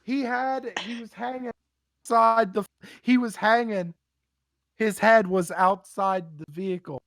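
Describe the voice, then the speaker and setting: A young man casually telling a story, animated and swearing freely, acting out what people said. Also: sits high, unhurried, vocal fry, no room sound. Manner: animated, swears a lot, acts out quotes. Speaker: podcast guest telling war stories.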